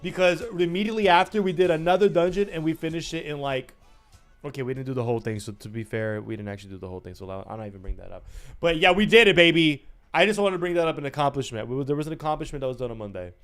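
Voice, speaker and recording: A man's voice: fairly high pitch, animated, very fast, a bit bright, faint music behind. A young man livestreaming, chatting casually and teasing his chat with playful mock rants.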